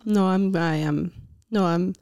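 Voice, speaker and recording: A young Scottish woman co-hosting a casual podcast chat, giggly and chatty, with quick asides. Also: on the low side, darkish tone, clean tone, dry recording, clean studio sound. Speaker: podcast co-host.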